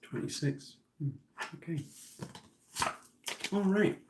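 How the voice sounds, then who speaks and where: A man giving a casual, animated tarot reading, teasing and talking to himself as he turns the cards. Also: on the high side, slow pace, roomy sound, background noise. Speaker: tarot reader.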